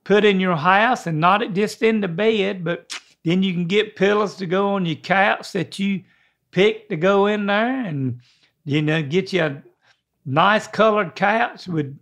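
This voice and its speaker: An older man, giving rambling, folksy home advice in a casual chat and clearing his throat now and then. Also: sits high, a little slow, fairly bright tone. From American South. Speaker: guest father giving advice.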